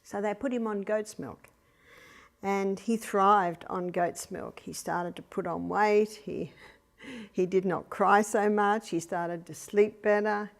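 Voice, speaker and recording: An older Australian woman lectures an audience on child rearing in a slow, mid-range voice with vocal fry and fairly even intonation. Practical and anecdotal, she chuckles and acts out quiet commands to babies.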